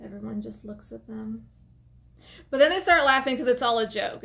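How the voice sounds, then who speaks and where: A woman's voice: a little high, normal speed, creaky. Chatty woman recapping a movie. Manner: chatty and expressive, with lots of filler words and asides. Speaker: movie reviewer. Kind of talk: casual movie recap to camera.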